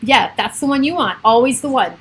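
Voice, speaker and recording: A woman's voice: a little high, lively intonation, fairly quick, husky, low-quality recording. A middle-aged woman hosting a casual livestream from her home, rambling and chatty, laughing often. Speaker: livestream host. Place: home with children and pets around.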